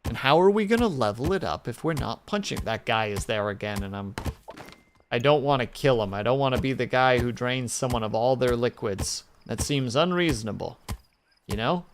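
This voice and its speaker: A man's voice: medium pitch, lively intonation, normal speed, slight background noise. A man streaming a game, chatting casually and joking with his chat. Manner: joking, playful asides to chat.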